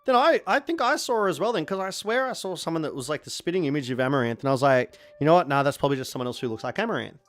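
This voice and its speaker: A man in his forties with an Australian accent, chatting casually on a stream in a rambling way, sometimes bursting into excited shouting. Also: on the high side, very fast, hardly any pauses. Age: 40s.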